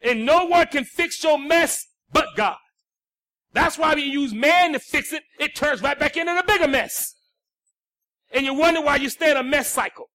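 High, bright preacher swinging from shouts to hush. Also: male voice, normal speed, no echo, studio quality. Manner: preaching with sudden swings from shouts to hushed lines. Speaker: pastor. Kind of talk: sermon.

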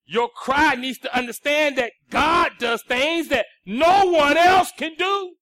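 A male pastor, preaching a sermon that swings between shouted lines and hushed, low passages. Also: takes it slowly, no echo, studio quality.

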